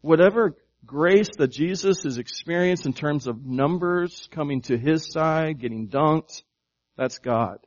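A man with a fairly high voice preaching a sermon in a friendly, conversational manner. He keeps asking his listeners questions and often restarts his phrases. The recording sounds dull and lo-fi. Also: a little slow. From United States. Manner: conversational preaching, asks the congregation questions, repeats words. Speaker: pastor.

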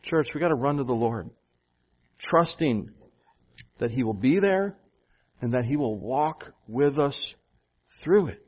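A man's voice: medium pitch, lively intonation, measured pace, long pauses, darkish tone, breathy edge. A man preaching a sermon as pastor, asking the congregation rhetorical questions and repeating phrases for emphasis. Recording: dull, lo-fi sound.

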